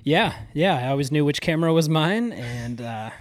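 A man's voice: on the high side, lively intonation, normal speed, slight background noise. A man from Ohio, guesting on a casual podcast chat, easygoing and chuckling as he talks.

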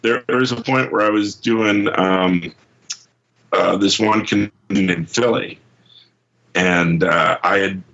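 A man from England, a comic book writer telling rambling, excitable anecdotes as an interview guest, full of restarts, in a muffled lo-fi recording. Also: on the low side, slow pace. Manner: rambling, excitable, many restarts and fillers, acts out quotes.

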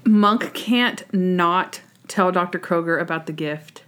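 A woman's voice: on the low side, slow, clear, resonant tone. Chatty woman podcast co-host. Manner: animated, acts out scenes in quoted voices with sound effects. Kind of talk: casual chat recapping a TV episode.

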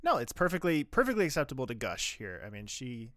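Male podcast co-host, chatty recapper, smooth voice, dry close sound. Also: mid-range voice, wildly swooping pitch, fast talker, fairly bright tone, dry recording. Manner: chatty, filler-heavy recapping. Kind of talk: casual chat, recapping episodes.

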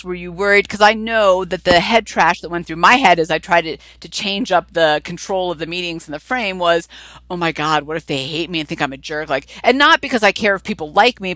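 A man's voice: high-pitched, pushed and bright, dry recording, rough recording. A man hosting a talk show, asking candid questions and laughing readily. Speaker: podcast host. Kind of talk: casual interview talk.

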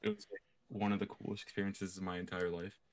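A man's voice: low voice, flat delivery, fast talker. A young man co-hosting a casual podcast, rambling with frequent restarts and fillers. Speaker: podcast co-host.

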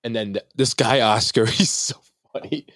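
A young man from the Philadelphia area, a guest public speaker, telling an excited story and acting out the lines he quotes. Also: normal speed, no echo, clean studio sound. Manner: animated, acts out quotes with big jumps in pitch.

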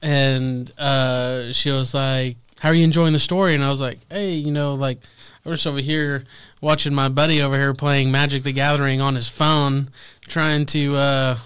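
A man's voice: medium pitch, little pitch movement, moderate pace, fairly bright tone, clean tone. A man chatting casually as a podcast guest, laid-back and full of "like" and "you know". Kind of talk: casual chat.

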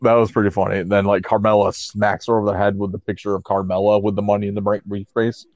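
A laid-back man co-hosting a podcast, his voice sitting low. He laughs easily and leans on "like" as he talks. The sound is dry and a bit muffled and lo-fi. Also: level tone, quick pace, darkish tone, dry recording. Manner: laid-back, laughs often, peppers speech with "like". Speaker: podcast co-host. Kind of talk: casual chat recapping wrestling. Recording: muffled lo-fi audio.

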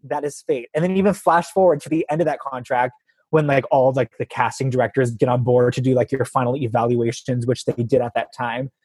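Husky man telling a lively story. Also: mid-range voice, brisk, dry recording. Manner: animated storytelling, acting out quotes. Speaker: guest. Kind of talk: casual chat.

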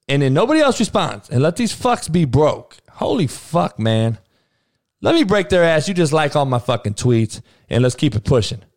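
A man's voice: a little high, darkish tone, no echo, clean studio sound. A man who is a coach and podcaster, delivering a heated monologue rant in a blunt, profane, preachy way.

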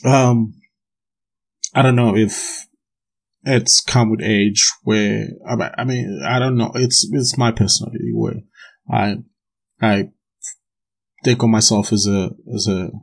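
Young man, low husky voice, rambling solo podcast rant with lots of cursing. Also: takes it slowly, pauses often, low-quality recording. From South Africa. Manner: swearing, laughing, rambling with many restarts. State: drinking gin while talking. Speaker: podcast host.

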